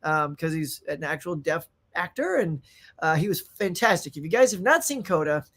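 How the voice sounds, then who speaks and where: A man hosting a casual live-stream chat about movies and TV. He rambles excitedly, laughs often and reacts to viewer comments. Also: on the high side, moderate pace. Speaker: host.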